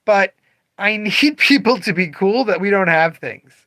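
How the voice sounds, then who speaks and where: Speaking at a measured pace in a voice that sits high, this man runs a comic shop and talks informally on a livestream. He's animated, putting on voices to mimic customers. The recording is dry.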